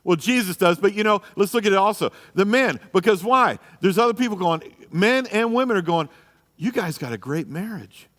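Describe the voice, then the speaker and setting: A man's voice: sits high, a little fast, hardly any pauses, fairly bright tone. A man, a pastor teaching a marriage class in church, emphatic and full of rhetorical questions. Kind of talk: church lesson. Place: church hall. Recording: live church room with reverb.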